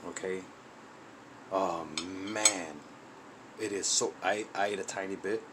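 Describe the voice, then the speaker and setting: Cooking vlog host, male, low voice, chatty and excited, camera mic in a home kitchen with air-conditioner hum. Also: takes it slowly. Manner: chatty, enthusiastic, talks while eating.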